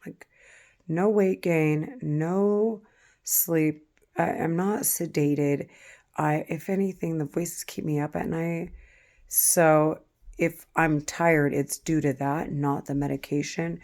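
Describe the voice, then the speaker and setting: A woman vlogger talking casually to the camera, halting, with frequent pauses and fillers. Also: low voice, fairly even intonation, darkish tone.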